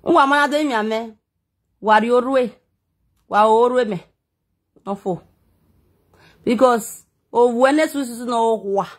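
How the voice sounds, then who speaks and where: A woman's voice: fairly high pitch, unhurried, long pauses. A Nigerian woman vlogging a heated, defensive, rambling rant to her viewers. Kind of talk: emotional personal rant to viewers.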